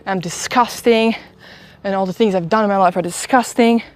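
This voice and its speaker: A woman's voice: mid-range voice, moderate pace, no echo. Young woman, live streamer, walking outdoors, rambling and laughing, a bit sick. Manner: chatty, rambling storytelling with frequent laughs and swearing. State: sick, stuffy. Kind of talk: casual live-stream chat while walking. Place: outdoors walking uphill in a town.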